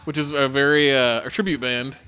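Young man, podcast co-host, relaxed, joking, bright voice, faint music. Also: mid-range voice, brisk, clear, resonant tone. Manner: relaxed, joking, many fillers. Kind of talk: casual chat.

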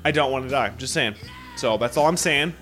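A man's voice: medium pitch, brisk, fairly bright tone, soft background music. A man co-hosting a casual couple podcast, talking in a profane, rambling, joking way. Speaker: podcast co-host.

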